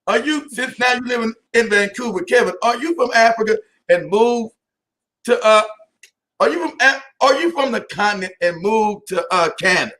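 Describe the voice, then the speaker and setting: A man hosting a casual live stream, talking to viewers by name, animated and often laughing. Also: high voice, moderate pace.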